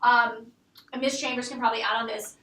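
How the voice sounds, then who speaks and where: A woman's voice: fairly high pitch, fairly even intonation, a little fast, pushed and bright. A woman teacher giving a history lecture in a classroom, chatty and joking with her students as she asks them questions. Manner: chatty, jokes and laughs with students. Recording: echoey classroom from far off.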